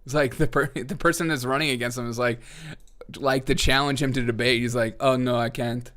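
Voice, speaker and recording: A man's voice: mid-range voice, fairly even intonation, a little fast, bright, forceful tone. A man hosting a comedy news live stream, talking sarcastically and laughing often. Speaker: host.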